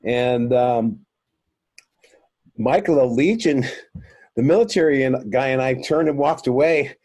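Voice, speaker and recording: A man tells his story as an interview guest, full of ums and restarts, calling his listeners "folks." His voice is mellow and warm. The sound is dry, with no room around it. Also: medium pitch, a little slow, no echo. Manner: rambling, many fillers and restarts; earnest, addresses listeners as folks. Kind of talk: recounting a personal experience.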